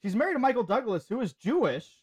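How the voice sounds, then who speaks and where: A man's voice: extremely high pitch, very animated, quick pace, husky. A man guesting on a casual podcast, reading facts off a list in a dry way.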